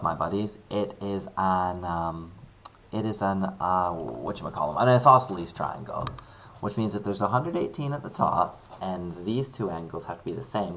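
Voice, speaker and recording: A man's voice: sits low, fairly bright tone. A male maths teacher talking through a worked example, chatty and upbeat, thinking aloud with playful asides. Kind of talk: screen-recorded maths lesson.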